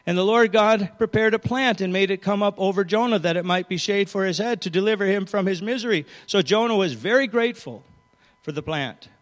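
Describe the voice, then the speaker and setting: High-voiced preacher man in an echoing hall. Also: brisk. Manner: storytelling, reading scripture aloud with changing emphasis. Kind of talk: sermon.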